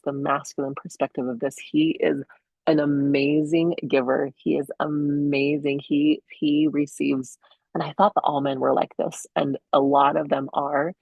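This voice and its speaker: Earnest woman with a gravelly edge. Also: deep voice, darkish tone, no echo, poor audio. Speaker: podcast host. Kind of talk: inspirational solo podcast talk.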